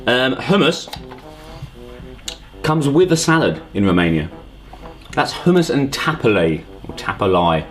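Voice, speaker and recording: A man's voice: mid-range voice, sing-song, unhurried, soft background music, rough recording. A man hosting a casual vlog, dry and self-mocking, with lots of ums. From England. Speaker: host.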